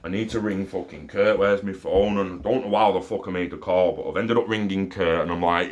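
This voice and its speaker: Excitable, swearing man. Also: sits low, brisk, few pauses. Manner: profane, rambling and excitable. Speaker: storyteller sharing an experience. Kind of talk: casual monologue.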